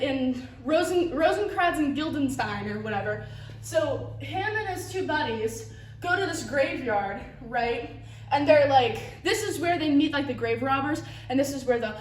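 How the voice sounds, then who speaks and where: A woman's voice: high voice, a little hiss or hum. A woman giving a casual, rambling class presentation, full of fillers and giggles, recorded in a classroom. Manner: rambling, filler-heavy, giggly, breaks into silly voices. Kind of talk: casual, rambling plot summary. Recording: roomy, from a distance.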